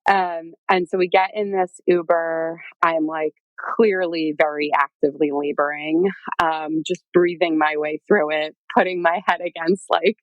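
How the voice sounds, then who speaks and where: A woman's voice: sits low, measured pace, no echo, lo-fi sound. A woman guest telling her own story in a casual, chatty way, full of fillers and acted-out quotes. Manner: chatty, lots of "like" and "um", animated quoting.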